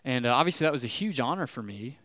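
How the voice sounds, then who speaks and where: A man's voice: medium pitch, animated, fast talker, a bit bright, no room sound, clean studio sound. A man preaching a conversational sermon in a casual way, often checking in with "right?". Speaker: pastor.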